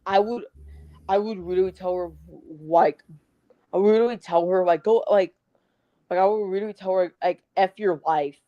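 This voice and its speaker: A woman's voice: mid-range voice, steady tone, moderate pace, pauses often, mellow, dry recording, muffled recording. A woman joining a livestream chat, speaking emphatically and with indignation.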